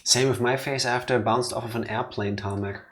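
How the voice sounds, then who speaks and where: A man co-hosts a game stream in loose, joking chat. He keeps asking his friends questions, his voice at an everyday middle pitch. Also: steady tone, brisk, a loud crowd. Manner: chatty, jokey, asks lots of questions. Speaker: co-host of a let's play. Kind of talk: casual chat.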